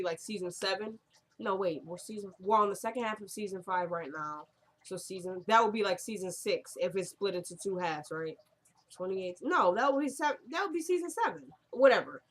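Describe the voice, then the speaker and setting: A woman's voice: medium pitch, a bit bright. A young woman recapping a TV episode in casual chat, rambling and talking straight to her viewers at home.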